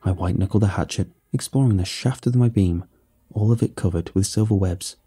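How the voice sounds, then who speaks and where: A man tells a tense first-person mystery in a hard-boiled narrating manner. His voice sits low and sounds very dark and mellow, with a husky edge. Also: brisk.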